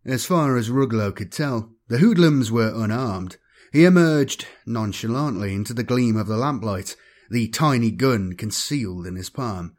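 Guy reading a sci-fi audiobook, mid-pitched voice, steady dramatic storytelling. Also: unhurried. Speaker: audiobook narrator. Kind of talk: scripted narration.

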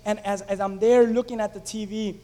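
High-voiced man preaching in a reverberant hall. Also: brisk. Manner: animated storytelling, asks the congregation questions. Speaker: pastor. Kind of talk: conversational sermon.

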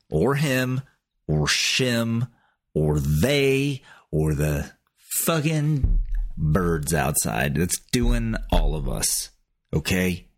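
A man's voice: lowish voice, breathy edge. A man hosting a call-in party line, rambling loosely and swearing as he signs off. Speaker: host. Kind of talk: casual sign-off monologue.

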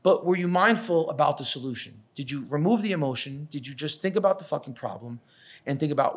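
Brief: thirties male business owner, sweary, animated raconteur, slightly high voice. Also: fast talker, breathy edge. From New York. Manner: profane, animated storytelling, acts out quotes. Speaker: catering business owner, podcast guest. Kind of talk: casual podcast conversation.

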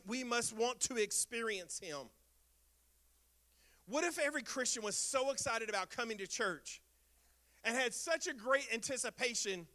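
A male pastor preaching a sermon in a church. He repeats his refrains with emphasis and swings between loud bursts and soft, low lines.

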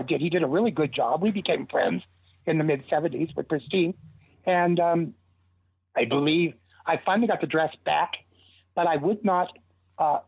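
An older man's voice sits on the high side, with vocal fry and a slight roughness. He is a guest telling animated, meandering anecdotes with restarts, and the tinny, dry phone line carries no room sound.

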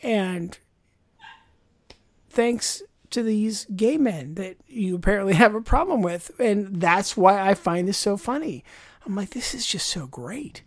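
A woman's voice: mid-range voice, unhurried, dry recording. Chatty woman with a dry, close voice. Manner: rambling, chatty, heavy on fillers and asides. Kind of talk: casual chat.

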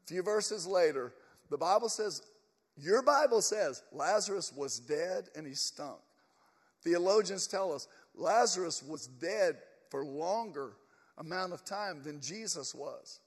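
High-voiced emphatic preacher in reverb. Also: male voice, animated, measured pace, husky. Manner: emphatic, storytelling, addresses the congregation. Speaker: pastor. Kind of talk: sermon. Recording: long church reverb.

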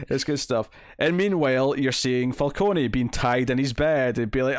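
Unhurried and clear, with a resonant mid-range voice, a man co-hosts a casual comic book podcast. He rambles with many fillers and restarts and acts out lines while retelling scenes, all in clean studio sound with no room noise.

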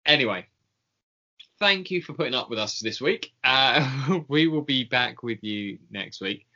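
A man's voice: mid-range voice, animated, unhurried, sharp tone, highs cut off. A man co-hosting a podcast, rambling casually through the sign-off with lots of ums. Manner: rambling, filler-heavy, laughing at himself. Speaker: podcast co-host.

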